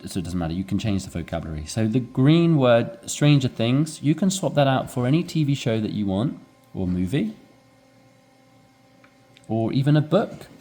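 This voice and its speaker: A man teaching English, explaining a dialogue and acting out rising inflection. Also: medium pitch. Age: adult with young children. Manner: animated, demonstrates rising inflection.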